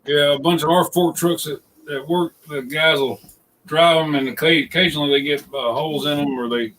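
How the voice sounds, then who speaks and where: Guy chatting on a stream, easygoing, slightly high voice, bit of hiss behind him. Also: steady tone, a little fast, a bit bright, recorded from a distance, low-quality recording. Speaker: guest on a live stream. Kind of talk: casual live stream chat.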